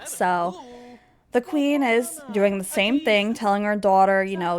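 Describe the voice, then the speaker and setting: A woman narrating her life-sim story in a chatty, giggly way. She fills her sentences with fillers and asides. Her pitch sits in an ordinary middle range. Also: unhurried, rough recording. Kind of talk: casual game story narration.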